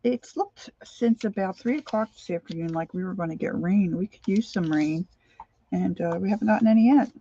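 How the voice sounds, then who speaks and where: A woman's voice: mid-range voice, fairly quick, mellow, muffled recording, slight background noise. An older woman hosting a crafting livestream, chatting casually and greeting viewers by name as she works.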